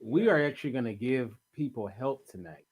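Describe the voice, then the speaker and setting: A man's voice: mid-range voice, lively intonation, fairly quick, husky. A man hosting a casual radio talk show, upbeat as he sets up a role-play segment. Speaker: host.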